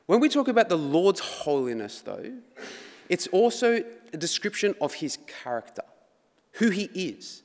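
A man delivers a sermon in a church hall, his voice sitting a bit high for a man. He talks in a conversational way, then pushes into dramatic emphasis. The hall adds a long, lingering reverb. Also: sing-song, a little slow. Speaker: preacher.

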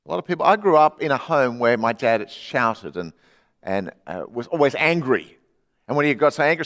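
A middle-aged man preaching a sermon, conversational, dropping from loud to hushed for emphasis. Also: a little high, in a large hall. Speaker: pastor. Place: church.

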